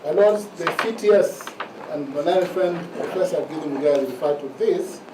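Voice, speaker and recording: Lawyer guy addressing the judges, formal and deliberate, slightly high voice, far off in an echoey noisy courtroom. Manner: formal, measured, repeats "my lords" and slows to stress points. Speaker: advocate arguing in court. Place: large courtroom. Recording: echoey courtroom heard from a distance with noise.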